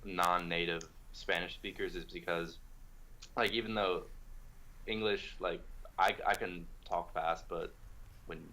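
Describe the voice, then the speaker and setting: A young man from the United States explaining in a casual video chat, relaxed and full of fillers. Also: sits low, unhurried, long pauses, poor audio. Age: young adult. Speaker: language exchange partner. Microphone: video call.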